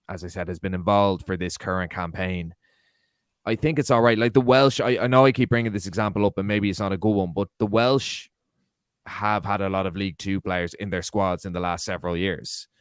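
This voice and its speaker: A man's voice: low voice, fairly quick, dry recording. An Irish man in a casual football chat, laying out his arguments point by point. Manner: analytical, lays out arguments point by point. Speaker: podcast co-host.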